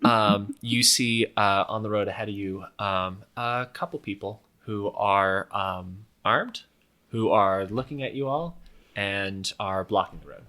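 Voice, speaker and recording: A man narrating as game master of a tabletop game, halting often with fillers. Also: lowish voice, sharp tone. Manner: hesitant, many fillers.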